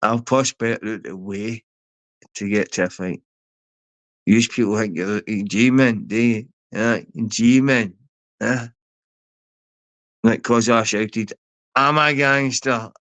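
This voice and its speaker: Speaking slowly with long pauses, a Glaswegian man from Scotland rants aggressively at a rival on a livestream, taunting and swearing. His voice sits fairly low and his intonation stays fairly even, with no room sound.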